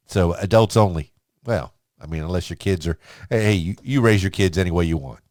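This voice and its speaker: A man's voice: lowish voice, no room sound, clean studio sound. A man hosting a podcast in casual chat, wrapping up with upbeat radio-style patter. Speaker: podcast host.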